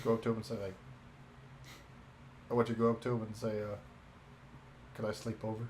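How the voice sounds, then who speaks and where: A man's voice: lowish voice, flat delivery, quick pace, a little mellow, slight background noise. A man co-hosting a podcast in casual chat, rambling, laughing often and swearing now and then. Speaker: podcast co-host and shop owner.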